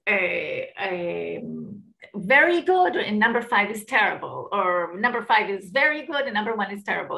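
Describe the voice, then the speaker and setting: A woman's voice: a little high, fairly bright tone. Emphatic woman lecturing over video call. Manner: emphatic, tags points with "okay?". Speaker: seminar lecturer for teachers. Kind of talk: online lecture.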